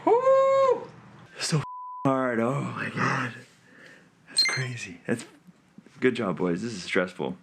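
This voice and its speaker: A man hosting his own video, recapping a puzzle in an excitable, self-mocking way. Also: mid-range voice, takes it slowly, creaky, pauses often, background noise. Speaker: magician and comedian host. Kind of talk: animated storytelling recap.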